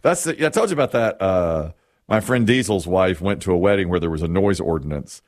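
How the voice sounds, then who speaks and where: A middle-aged male host chats in a rambling, storytelling way, his pitch rising and falling with animation. His voice sits a bit low, and the recording is close and dry. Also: expressive, a little fast, no echo. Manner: chatty, rambling, with restarts and storytelling. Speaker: radio show host. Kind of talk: casual on-air chat.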